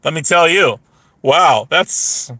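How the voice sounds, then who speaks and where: A man's voice: fairly high pitch, animated, slow pace, pushed and bright, no echo. A man ranting on a casual livestream, rambling and profane, with lots of restarts.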